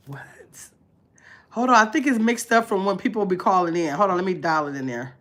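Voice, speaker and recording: A woman hosting a casual livestream, chatting to her viewers and dropping to a low mumble while she searches her phone. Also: a little fast, fairly bright tone. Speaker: livestream host.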